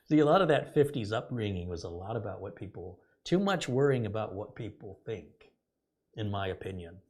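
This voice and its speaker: A man's voice: on the low side, sing-song, normal speed, a little mellow. A middle-aged man hosting a casual live stream, sarcastic and rambling, reading out viewer donations.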